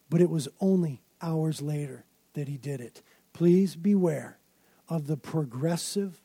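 High, mellow-voiced preacher. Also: male voice, no echo. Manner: dramatic storytelling, emphatic build-ups. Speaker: pastor. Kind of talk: sermon.

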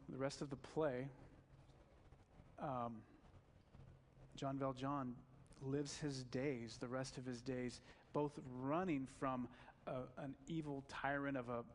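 A preacher retelling a film story in a sermon, animated, with fillers. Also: male voice, mid-range voice, measured pace, in a large hall, a little hiss or hum.

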